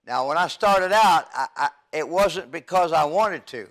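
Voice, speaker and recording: Older man, youth evangelist, stammering earnest sermon testimony, slightly higher voice. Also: lively intonation, measured pace, a bit bright.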